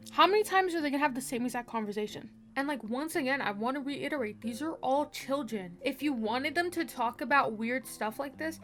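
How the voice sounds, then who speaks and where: A woman's voice: sits high, moderate pace, few pauses, fairly bright tone, soft background music. A woman reviewing a book in a casual vlog, talking frankly with lots of fillers and sounding exasperated.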